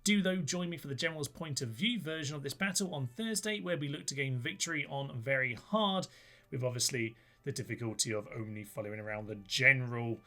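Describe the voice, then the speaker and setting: A man's voice: mid-range voice, fairly quick, bright, forceful tone. A young man hosting a channel, giving chatty, wry gameplay commentary and thinking aloud on a close mic. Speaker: YouTube host.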